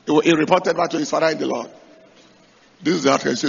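A man preaching a sermon in a high, gravelly voice with a bright, cutting edge. He pushes his points hard, climbing to shouts, and keeps checking that the congregation is following. The recording is muffled and lo-fi. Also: fairly quick, pauses often, faint music behind. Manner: emphatic, rising to shouts to drive points home; asks the congregation rhetorical questions.

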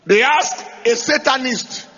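Male preacher with a husky, bright voice and an emphatic, shouting delivery. Lo-fi sermon recording. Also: very high voice, takes it slowly. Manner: emphatic, rising to shouts to drive points home; asks the congregation rhetorical questions.

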